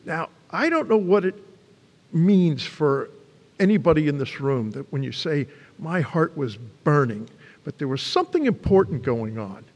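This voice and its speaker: Animated older male preacher in a reverberant church. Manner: animated storytelling, pitch swings for emphasis. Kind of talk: sermon.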